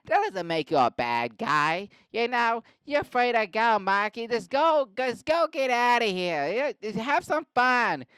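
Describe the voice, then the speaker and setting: A man putting on a folksy police chief who talks loudly and reassuringly in a mock Boston accent. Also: extremely high pitch, very animated, unhurried, few pauses, clear, resonant tone, dry recording, voice pushed up, exaggerated voice. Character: folksy middle-aged male police chief.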